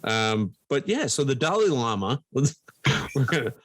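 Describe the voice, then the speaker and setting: A man's voice: medium pitch, very animated, measured pace, a bit bright, slight background noise. A man co-hosting a podcast, chatting casually, swearing and laughing often. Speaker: podcast co-host. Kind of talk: casual chat.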